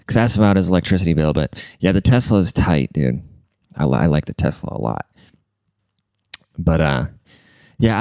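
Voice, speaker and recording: A young man with a low, smooth, slightly mellow voice rambles through profane stories in a laid-back, slangy way, like a podcast host chatting casually. There's no room sound.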